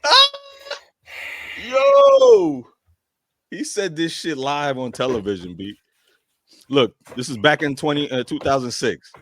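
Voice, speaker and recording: A man co-hosting a reaction show, talking casually in lively slang. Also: medium pitch, moderate pace, dry recording. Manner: lively, slangy, laughs often.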